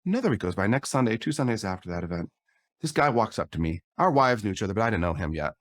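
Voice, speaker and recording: A man's voice: fairly low pitch, expressive, fast talker, no room sound. A middle-aged man on a podcast, candidly telling a personal story and acting out the dialogue. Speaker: podcast guest.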